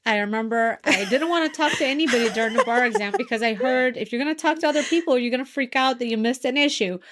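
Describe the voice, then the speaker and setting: A woman's voice: fairly high pitch, quick pace, noisy background. A woman in her forties, a lawyer hosting a podcast, telling stories in an earnest, self-deprecating way. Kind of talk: casual podcast chat.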